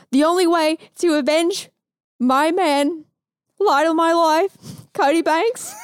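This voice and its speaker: A woman's voice: very high-pitched, no echo, studio quality. A woman doing an eager young girl spy dog.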